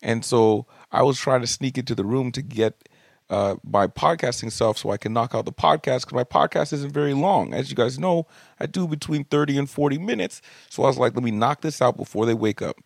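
A young adult man hosting a podcast, telling comic stories about his kids in an animated, jokey way and swearing casually. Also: mid-range voice, fairly quick, creaky, no room sound, studio quality. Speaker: podcast host. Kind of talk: comedic storytelling monologue. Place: home studio room.

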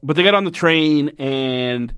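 A man's voice: on the high side, a little slow, a bit bright, clear, resonant tone, no echo, studio quality. A man casually recapping a TV episode with a co-host, swearing often and mocking the characters.

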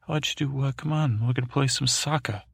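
A man's voice: medium pitch, brisk, vocal fry, slightly rough, no echo, voice pushed up. A man voicing a cruel teenage boy king who coaxes and wheedles with false friendliness. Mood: coaxing, sly.

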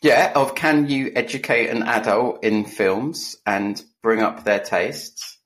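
This man's mid-range, slightly bright voice unhurriedly carries his turn as a podcast co-host. He keeps the chat loose, telling stories full of dry self-mockery.

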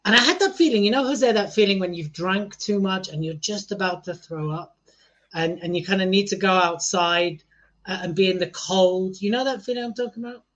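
A man co-hosting a podcast, telling stories in an animated, teasing manner. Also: high-pitched, fairly quick, muffled recording. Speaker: podcast co-host. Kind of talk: casual chat.

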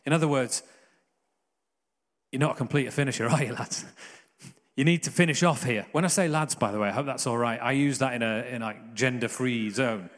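A man preaching in an earnest, conversational way, with jokey asides. His voice sits at an ordinary middle pitch. It rings with the long reverb of a church hall. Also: a little fast. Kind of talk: sermon.

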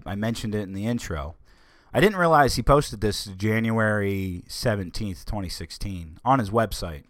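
Man, low voice, sarcastic ranting, dry close sound. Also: a bit bright, no room sound. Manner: sarcastic, ranting, with many fillers. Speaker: political commentator. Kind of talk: casual political rant.

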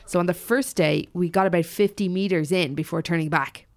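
A woman with a lowish voice reads a story to her co-hosts in a loose, chatty way. She breaks off for quick, sweary asides before diving back into the tale. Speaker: podcast co-host. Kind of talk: casual chat, reading a story aloud.

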